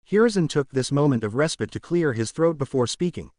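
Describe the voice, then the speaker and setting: Give me a man narrating a story with a lively, dry voice. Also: fairly high pitch, brisk, hardly any pauses, dry recording. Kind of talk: fan fiction reading.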